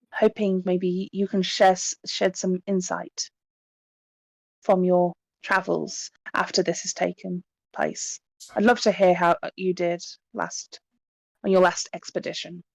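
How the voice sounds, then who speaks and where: A woman plays a mournful mother in a tabletop horror game, her speech formal and broken with grief. The voice sits low and close in a dry, dead room. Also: fairly even intonation, creaky, no room sound. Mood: wistful. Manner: sorrowful, formal and halting. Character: grieving middle-aged mother hosting a séance.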